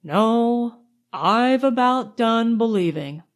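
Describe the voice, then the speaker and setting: A woman reading an audiobook, voicing a weary male pianist who speaks coolly and quietly. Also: a little high, expressive, slow pace. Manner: cool and dispirited.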